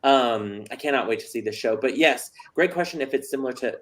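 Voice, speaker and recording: A man's voice: medium pitch, expressive, fairly quick. A man hosting a casual chat interview, joking and chatty with plenty of fillers. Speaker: host.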